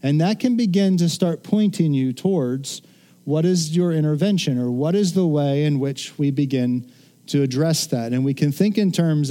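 A man's voice: on the high side, mellow. A middle-aged man preaching a sermon in an earnest, conversational way, with asides and restarts. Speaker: pastor.

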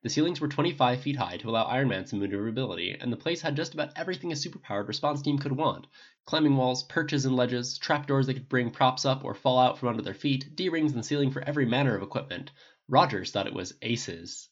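An audiobook reader narrating fan fiction with a lively, expressive delivery. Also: mid-range voice, quick pace, muffled recording.

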